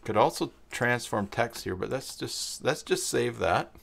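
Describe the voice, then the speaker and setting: A man hosting a live-stream web design tutorial, thinking aloud as he works and answering chat viewers, halting often with pauses and fillers. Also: medium pitch, animated, vocal fry, a bit bright, slightly rough. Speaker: tutorial host.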